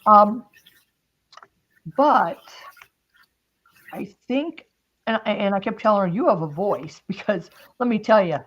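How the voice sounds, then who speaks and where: A woman's voice: medium pitch, takes it slowly, long pauses, muffled recording. A woman hosting a craft stream, chatting casually and telling a story, often quoting others and laughing. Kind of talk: casual chat.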